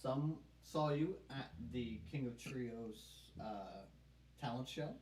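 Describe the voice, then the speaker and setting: A co-host reading chat messages aloud on a live stream, halting and full of fillers. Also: medium pitch, darkish tone. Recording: distant roomy mic with faint hiss.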